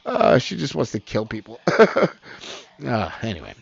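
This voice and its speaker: A man hosting a homemade news commentary show, rambling, swearing and laughing, with his voice swinging from low mumbles up to loud outbursts. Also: huge pitch swings, slow, vocal fry, no room sound, highs cut off. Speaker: host of an amateur online news show.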